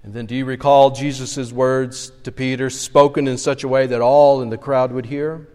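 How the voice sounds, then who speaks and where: A man's voice: mid-range voice, flat delivery, moderate pace, darkish tone. A man preaching a sermon as pastor, earnestly retelling scripture scenes in expository style. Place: church sanctuary. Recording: long church reverb.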